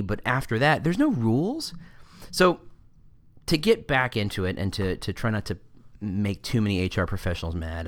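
A man hosting a podcast, talking through an opinionated casual monologue with plenty of fillers and restarts. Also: lowish voice. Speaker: podcast host.

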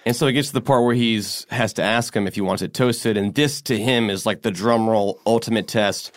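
A man's voice: lowish voice, brisk, dry recording. A man co-hosting a podcast, casually retelling a strange story and acting out the quotes. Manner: animated retelling, acts out quotes. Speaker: podcast co-host.

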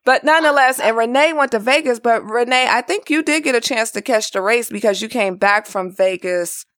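A woman's voice: on the high side, fairly quick, fairly bright tone, no room sound, studio quality. A woman hosting a podcast, talking in a chatty, upbeat way. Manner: chatty, upbeat, laughs easily. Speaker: podcast host. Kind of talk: casual chat.

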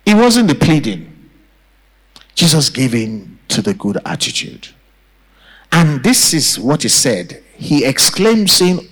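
Emphatic preaching man, lively pitch. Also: slow pace, rough recording. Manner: preaching with call-and-response to the congregation; emphatic, repeats phrases for effect. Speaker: pastor. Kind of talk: sermon. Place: church.

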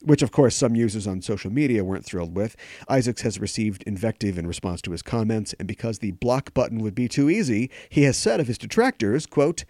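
A man's voice: lowish voice, lively intonation, brisk, dark tone, no room sound, clean studio sound. A man hosting a podcast, giving jokey commentary full of sarcastic asides. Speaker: podcast host.

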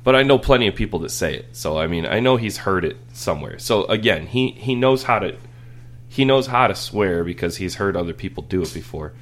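A man's voice: low-pitched, animated, brisk. A man in his thirties chatting casually on a podcast, rambling and laughing through family stories. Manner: rambling, laughing, with many restarts. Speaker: podcast host. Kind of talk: casual storytelling chat.

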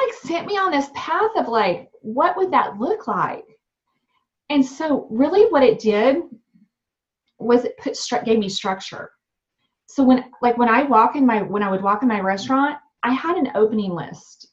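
Animated young mom telling her story. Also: on the high side, normal speed. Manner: animated, candid, many fillers. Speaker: guest, restaurant owner. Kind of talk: storytelling interview. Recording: dull lo-fi sound.

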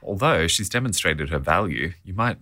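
A woman's voice: very deep voice, animated, moderate pace, sharp tone, no echo. A woman co-hosting a podcast, reacting in casual chat with dry, wry remarks. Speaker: podcast co-host.

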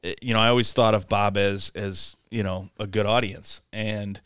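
A man co-hosting a podcast, telling a story in a casual, animated, halting way. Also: fairly low pitch, smooth, dry recording. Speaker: podcast co-host.

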